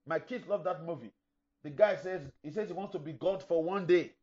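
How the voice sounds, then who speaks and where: A man's voice: on the high side, normal speed, darkish tone. A middle-aged man preaching a sermon as pastor, emphatic, acting out imagined listeners. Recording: dull lo-fi recording.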